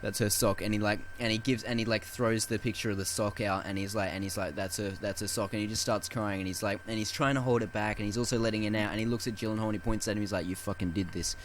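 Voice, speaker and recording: A man's voice: lowish voice, fairly even intonation, racing, hardly any pauses, a little hiss or hum. A man co-hosting a casual film podcast, who swears freely and acts out movie scenes with quoted lines. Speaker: podcast co-host.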